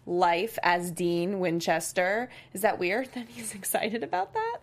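A woman's voice: medium pitch, lively intonation. A woman co-hosting a fan after-show, chatting casually and giving blunt opinions on the episode. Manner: opinionated, quick reactions.

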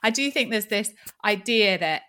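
A woman hosting an interview show, chatting with animated enthusiasm. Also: mid-range voice, normal speed. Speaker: podcast host. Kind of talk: casual interview chat.

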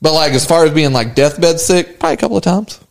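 A man's voice: expressive, fast talker, gravelly. A man co-hosting a casual podcast chat, telling a story and laughing often, with his voice jumping up when he quotes people. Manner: laughing storyteller, voice jumps high for quoted lines. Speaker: podcast co-host.

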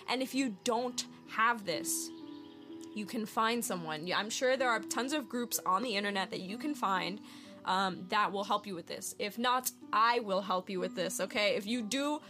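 A woman hosting a spiritual self-help show, chatty and bubbly, laughing often and saying "like" a lot. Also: medium pitch. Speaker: host of a wellness podcast.

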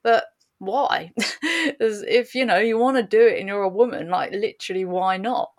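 A woman's voice: mid-range voice, normal speed. A woman hosting a casual interview podcast, agreeable and laughing along with her guest. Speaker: podcast host.

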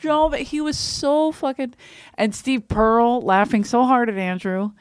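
A woman's voice: fairly high pitch, unhurried, clear, resonant tone, no echo. Chatty woman podcast host, dry studio mic. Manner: chatty storyteller, swears freely, laughs often. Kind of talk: casual chat.

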